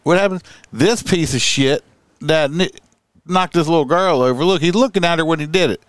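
A man's voice: on the high side, normal speed, dry recording, clean studio sound. A middle-aged man hosting a podcast, telling stories in heated, profane banter. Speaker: podcast host. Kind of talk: casual banter.

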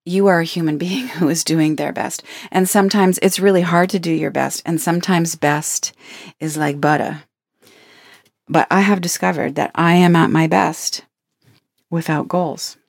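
A woman's voice: lowish voice, steady tone, moderate pace, creaky, no echo, studio quality. A woman giving a reflective spiritual self-help talk, earnest and playful, laughing now and then between her points.

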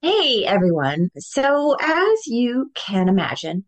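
A woman's voice: on the high side, huge pitch swings, takes it slowly, noisy background. A woman reading a host ad in an upbeat, enthusiastic way. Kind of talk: host-read ad.

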